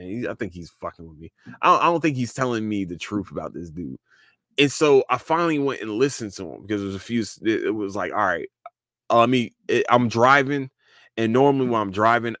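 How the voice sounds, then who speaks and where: A man hosting his own podcast, talking loosely and profanely. His voice sits at an ordinary middle pitch. He is recorded on a close mic in a dry room with no reverb. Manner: animated, profane, repeats and restarts a lot. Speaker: podcast host. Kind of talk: casual solo podcast rant.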